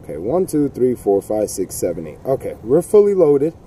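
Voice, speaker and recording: Rambling man demonstrating outdoors, mellow voice. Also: medium pitch, very animated, moderate pace, a little hiss or hum. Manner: rambling, folksy, jokey asides. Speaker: gun video host. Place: outdoors in the cold.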